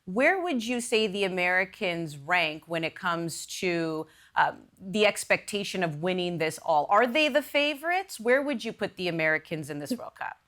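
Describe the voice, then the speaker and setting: A woman's voice: on the low side, lively intonation, normal speed, hardly any pauses, a bit bright. Upbeat woman sports show host. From Canada. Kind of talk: studio sports talk.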